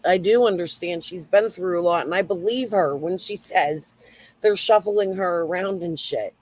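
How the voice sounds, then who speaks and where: A woman hosting a YouTube livestream curses and rambles as she answers chat. She has a fairly low, darkish voice at a moderate pace, recorded with no room sound but poor quality.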